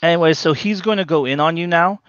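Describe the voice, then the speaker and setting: A man running a tabletop role-playing game as game master, explaining the rules haltingly with many fillers. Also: on the high side, fairly bright tone, clean tone, no echo, muffled recording.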